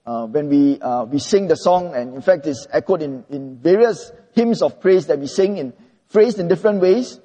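A man preaching an expository sermon, earnest and measured, slowing down when he reads scripture. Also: a little high, expressive, mellow, long reverb tail.

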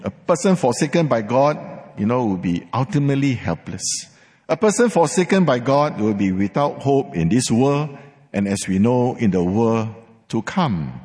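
A male preacher delivers a sermon with a measured, emphatic rhythm, slowing to stress each key phrase. His voice swings widely in pitch, and a long reverb trails after him through a large hall. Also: darkish tone.

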